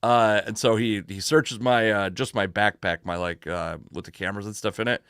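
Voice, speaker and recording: A man's voice: fairly low pitch, normal speed, smooth, no echo. Rambling storytelling man, dry close sound. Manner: rambling, animated anecdote with restarts and swearing. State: exhausted from no sleep. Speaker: sports talk show host. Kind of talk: casual storytelling on a sports podcast.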